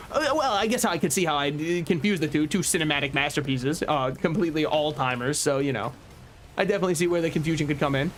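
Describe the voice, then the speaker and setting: A man casually commentating his game stream, rambling from thought to thought and cracking jokes at his own expense. His voice sits a little higher than most men's. A faint hiss lingers behind him. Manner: rambling, joking, laughs often at his own remarks.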